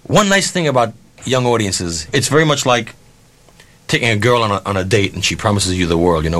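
Male storyteller, concert promoter type, lively pitch swings, salty language, plays every line of dialogue himself. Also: brisk. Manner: animated, profane, acts out dialogue. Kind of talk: storytelling anecdote.

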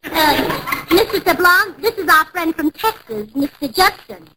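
Very high-voiced scatterbrained woman. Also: animated, measured pace. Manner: scatterbrained, cheerful, lilting. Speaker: comedy co-host. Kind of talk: 1940s radio acting. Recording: hissy old radio broadcast.

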